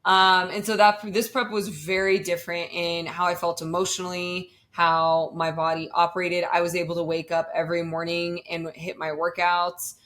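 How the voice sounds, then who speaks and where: A woman's voice: fairly low pitch, level tone, normal speed, few pauses, fairly bright tone. A young woman talking casually about her bodybuilding prep, chatty and full of fillers. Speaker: bodybuilding competitor, guest. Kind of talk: casual podcast chat.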